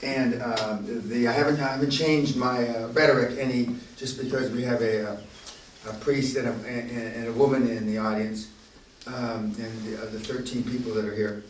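A man leading a business seminar, talking bluntly and profanely and building to loud, emphatic bursts. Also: mid-range voice, fairly even intonation, normal speed, slight background noise. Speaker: seminar leader. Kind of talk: profane motivational seminar talk. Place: castle seminar room. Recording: echoey room, voice from far off.

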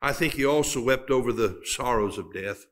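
A man preaches a sermon in a bright, forceful voice, pitched about the middle for a man. He leans on long dramatic pauses and builds to emphatic climaxes. He reads scripture in old-fashioned wording.

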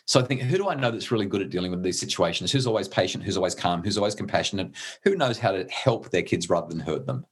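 A middle-aged man talks through his ideas in an earnest, conversational way. His voice sits low and carries a husky grain, and he stumbles and restarts when he is moved. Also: animated, quick pace, hardly any pauses. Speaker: parenting guest. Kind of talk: conversational explaining.

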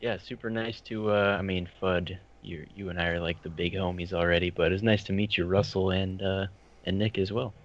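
A man guesting on a casual podcast, talking in a relaxed, rambling way. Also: low-pitched, a little fast, muffled recording. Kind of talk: casual chat.

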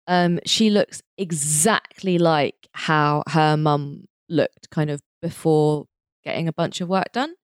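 A woman's voice: deep voice, slow, clean tone, no room sound, studio quality. A woman co-hosting a casual chat about a sitcom, chatty and often restarting her sentences. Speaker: podcast co-host.

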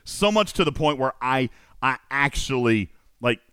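A man's voice: medium pitch, expressive, a little slow, fairly bright tone, clear, resonant tone, dry recording, studio quality. A man hosting a casual stream, telling a story with lots of laughter and animation. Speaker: host.

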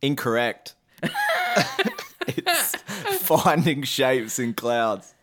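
A man's voice: on the low side, unhurried. A young man co-hosting a podcast, running a quiz with casual banter and laughing often as he teases. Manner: laughs often while teasing.

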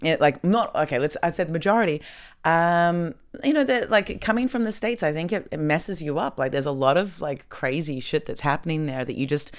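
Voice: medium pitch, brisk, clean tone. A podcast host with an Australian accent, chatting in a rambling, hedging way. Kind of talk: casual podcast chat.

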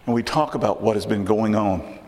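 A man's voice: on the low side, brisk, darkish tone, long reverb tail, a little hiss or hum. A man with a Texan accent preaching a sermon in a conversational way, often repeating and restarting phrases. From Texas.

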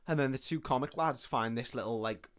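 A man's voice: mid-range voice, brisk. A man co-hosting a podcast, recapping a film plot in casual, sweary chat and acting out the characters' lines. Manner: sweary animated retelling with quoted voices. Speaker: podcast co-host.

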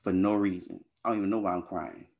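Guest, man, low-pitched, casual and earnest storyteller. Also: fairly even intonation, fast, a little mellow, lo-fi sound. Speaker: interview guest. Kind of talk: personal testimony in conversation.

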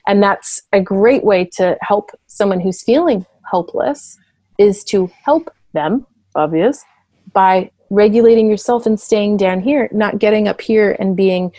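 A woman therapist talks through her ideas in an easy, explanatory way. She sometimes drops into quick acted voices. The sound is dry and close. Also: mid-range voice, mellow, dry recording. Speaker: therapist and parent coach. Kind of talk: conversational interview talk.

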